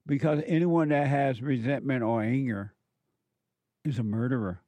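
A man hosting a spiritual call-in radio show, talking in a slow, preachy way with repeated emphatic phrases. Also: mid-range voice, dark tone, no room sound.

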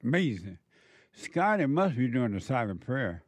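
A man's voice: mid-range voice, big pitch swings, takes it slowly, pauses often, breathy edge, dry recording. Guy lecturing like a preacher, keeps hammering questions at you, dry no-room sound. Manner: emphatic, fires rhetorical questions, scolding. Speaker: counselor. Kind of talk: preachy monologue.

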